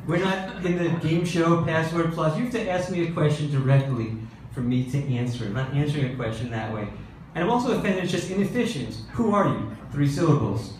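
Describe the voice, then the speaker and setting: A middle-aged man works an open-mic stand-up set in a deadpan, exasperated observational style. His voice sits slightly high and reaches the mic from a distance. The club recording is very echoey and carries a clear room noise. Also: brisk. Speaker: stand-up comedian. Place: comedy club stage. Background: audience laughter.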